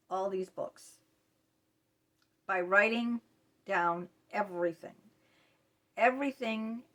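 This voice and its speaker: An earnest woman speaking straight to her viewers in a self-help vlog. Her pitch sits in an ordinary middle range, and she circles back to the same phrases as she confides. The talk is plain and confessional. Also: pushed and bright. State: voice tight, choked up.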